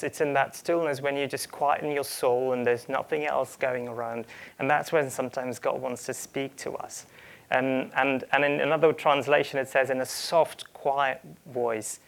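A man preaching a sermon, speaking earnestly, often restarting phrases and voicing quoted lines. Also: fairly high pitch. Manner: earnest, with frequent repeated starts and quoted asides.

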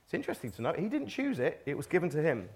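A man's voice: on the high side, wildly swooping pitch, rapid-fire, breathy edge. A man preaching a casual sermon, asking the room rhetorical questions and reading scripture aloud. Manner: conversational, rhetorical questions, occasional restarts.

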